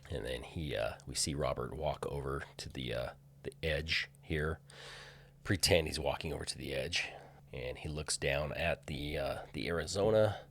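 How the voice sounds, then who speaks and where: A man's voice: very deep voice, moderate pace, a bit bright, slightly rough. A man casually walking through filming locations on screen, hesitant with many fillers and restarts. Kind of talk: casual screen-share walkthrough.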